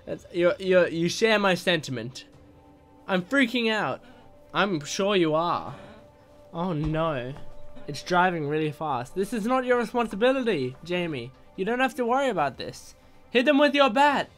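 A gaming host, a man with a somewhat high voice, reacts while he plays. He reads on-screen texts aloud at a slow, drawn-out pace and bursts into shouts at the screen, with faint game music underneath.

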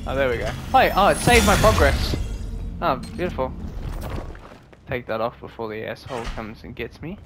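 A man giving jokey, swearing let's play commentary and reacting loudly to scares. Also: mid-range voice, lively intonation, normal speed, pauses often, over music. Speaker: gaming video creator.

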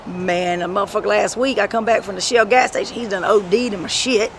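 A woman telling rambling, profane stories in a street interview, breaking into shouts. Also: mid-range voice, fairly quick. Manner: profane, animated storytelling with sudden shouts. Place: outdoors on a city street. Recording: street noise and passing traffic.

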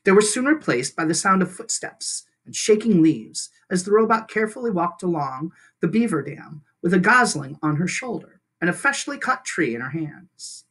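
Teacher reading a kids book out loud, lively up and down voice, a little husky. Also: medium pitch, normal speed, few pauses. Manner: expressive storytelling with lively intonation. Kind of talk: reading a children's novel aloud.

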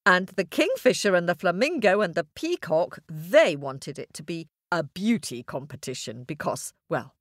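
A woman tells a children's fable in a playful, animated voice that rises and falls a lot. She speaks slowly and talks straight to the young listeners. The sound is dry and close. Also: fairly low pitch, no echo. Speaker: storyteller. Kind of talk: children's story narration.

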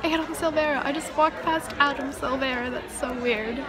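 A young woman vlogging, talking with gushing, breathless excitement as a book fan. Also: high voice, moderate pace. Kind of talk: excited vlog chat. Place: crowded bookstore and city streets. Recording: busy crowd and street noise behind.

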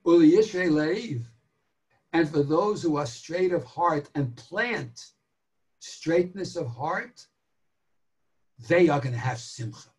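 A man delivers a daily Torah lecture in the cadence of a sermon. His pitch rises and falls in wide swings, and he drives each point home with rhetorical questions and slow, stressed phrases. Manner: animated, emphatic, drawn-out stresses and rhetorical questions. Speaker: rabbi giving a daily Torah class.

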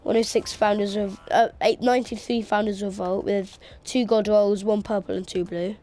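A woman's voice: mid-range voice, level tone, moderate pace, dark tone. A woman gamer in casual chat while playing, joking and rambling on a headset mic.

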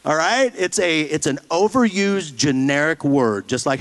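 A man's voice: a little high, expressive, measured pace, low-quality recording. A man preaching a sermon in a blunt, folksy way, mocking churchy phrases with put-on voices. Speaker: pastor.

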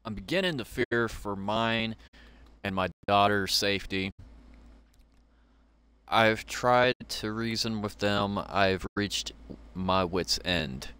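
A frightened, gentle young mother from a game, courteous and old-fashioned in her phrasing, read aloud by a man. The voice stays deep and unhurried. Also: clear, resonant tone. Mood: worried. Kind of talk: reading game dialogue aloud.

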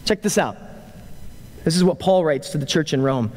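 A man's voice: a little high, expressive, normal speed, long pauses. A man preaching a sermon as a pastor, conversational and joking, then building to emphatic peaks. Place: church sanctuary. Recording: long hall reverb.

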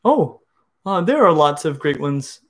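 A middle-aged man explains reptile biology to viewers in a casual Q&A, enthusiastic and full of restarts. His voice sits a little high for a man. He sounds like an educator thinking out loud. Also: sing-song, measured pace. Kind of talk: casual livestream Q&A.

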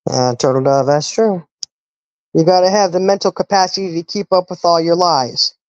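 A woman's voice: lowish voice, normal speed, a little mellow, dry recording, highs cut off. A woman hosting a live stream, ranting indignantly with pointed rhetorical questions. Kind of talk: casual live-stream talk.

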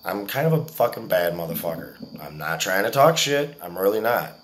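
A man's voice: sits low, very animated, normal speed. A man in his forties telling a story to his viewers in a casual, profane, boastful way. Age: 40s. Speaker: vlogger.

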